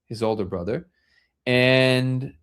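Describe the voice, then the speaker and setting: A man hosts a casual live discussion, his voice sitting at an ordinary middle pitch. He rambles through his stories, circling back with fillers and restarts. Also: slow, fairly bright tone, smooth. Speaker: host.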